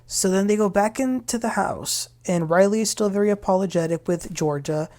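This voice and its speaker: A woman's voice: medium pitch, moderate pace, warm tone. A woman hosting a casual TV recap, chatty and opinionated as she retells scenes. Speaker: reality TV recap host. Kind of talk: casual episode recap commentary.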